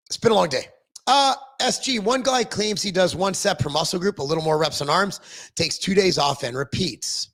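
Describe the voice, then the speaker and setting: A middle-aged man talks casually on a livestream, answering viewer comments as he goes. His voice sits high for a man. He rambles, pokes fun at himself and fills pauses with ums and false starts. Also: lively intonation, a bit bright. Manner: rambling, self-deprecating, frequent ums and restarts.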